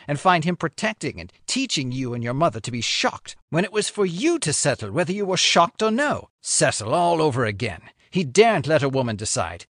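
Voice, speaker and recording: A man's voice: on the high side, fairly bright tone, no echo, studio quality. An actor voicing a passionate, earnest young Englishman pleading his love in an audiobook. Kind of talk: audiobook reading.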